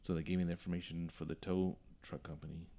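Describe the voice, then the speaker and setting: A man's voice: sits low, level tone, fast, mellow. A young man hosting a podcast, telling a story casually and acting out the voices of the people in it. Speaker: podcast host.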